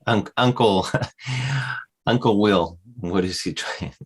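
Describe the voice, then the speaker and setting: Man, Argentine Spanish accent, very low pitch, halting and repetitive, casual bilingual podcast. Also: husky. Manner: halting, repeats words while searching. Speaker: podcast co-host.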